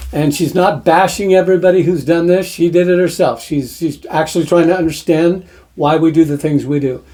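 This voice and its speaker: A man's voice: fairly high pitch, warm tone. A middle-aged man giving impassioned, moralizing commentary as host of an online show. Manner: impassioned, moralizing, laughs nervously. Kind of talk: preachy commentary monologue.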